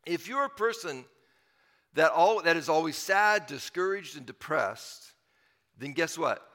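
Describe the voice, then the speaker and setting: Bright-voiced man preaching in a hall. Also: a little high, animated, measured pace. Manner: earnest, conversational preaching with repeated phrases and emphatic swells. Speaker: pastor. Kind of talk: sermon.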